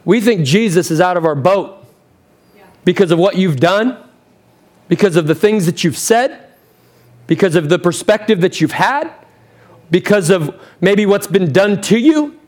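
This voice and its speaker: High-voiced impassioned pastor preaching. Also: male voice, lively intonation, a little slow, long pauses, a little mellow. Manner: impassioned, with big swings in pitch and pace. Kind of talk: sermon. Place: church.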